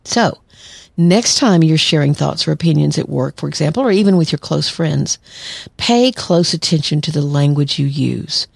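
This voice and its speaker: A woman's voice: low-pitched, lively intonation, moderate pace, gravelly, breathy edge, dry recording, clean studio sound. A woman therapist hosting a solo podcast, talking conversationally and acting out quoted lines. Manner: conversational, acts out quoted lines, laughs lightly. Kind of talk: solo podcast advice talk.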